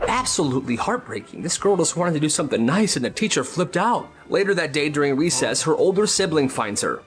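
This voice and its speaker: Lively, animated male storyteller. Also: fairly high pitch, a little fast, soft background music. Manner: animated, chatty, laughs at his own stories. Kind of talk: short-form storytelling video.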